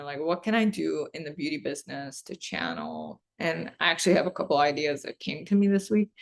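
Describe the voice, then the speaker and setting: A woman's voice: on the low side, vocal fry. A woman who owns a beauty business, talking to camera from her office in an emphatic, ranty way with lots of "like.". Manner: ranty and emphatic, heavy use of "like". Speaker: beauty business owner and host. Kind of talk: casual talk to camera.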